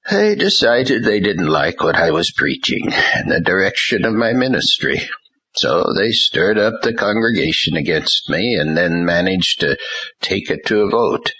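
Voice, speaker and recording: A man voicing an older ousted male pastor who talks slowly, falteringly, and forcefully. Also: low-pitched, sing-song, slightly rough, dull audio, full character voice. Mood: weary.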